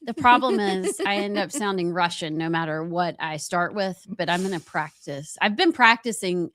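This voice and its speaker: A woman's voice: lowish voice, lively intonation, normal speed, fairly bright tone, dry recording, studio quality. A woman co-hosting a talk show, chatty and self-deprecating. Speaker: radio show co-host. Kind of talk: casual talk-show chat.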